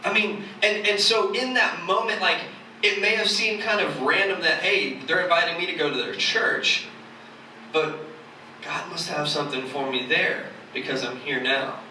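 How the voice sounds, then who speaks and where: A man's voice: fairly high pitch, normal speed, pushed and bright, slight background noise. A man, giving a casual, joking sermon in a church. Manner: joking, conversational, self-mocking. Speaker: church speaker. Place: church hall. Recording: echoey hall from far off.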